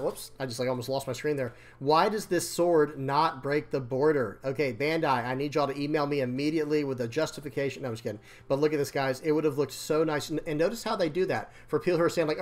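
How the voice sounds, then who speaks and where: A man's voice: a little high, brisk. A man giving casual, rambling commentary on card game decks and art, repeating words and talking to viewers, his throat dry and voice slightly strained. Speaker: card game content creator. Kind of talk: casual commentary over screen.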